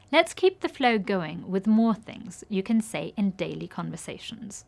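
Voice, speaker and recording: A woman reading a scripted language lesson, saying example phrases clearly and giving each translation in a measured way. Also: mid-range voice, big pitch swings. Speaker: language teacher.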